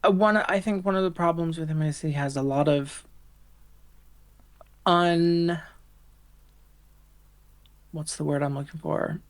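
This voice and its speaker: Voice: medium pitch, fairly even intonation, measured pace, long pauses. Dry, laid-back podcast co-host. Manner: laid-back, brief agreeing replies with dry remarks. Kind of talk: casual movie review chat.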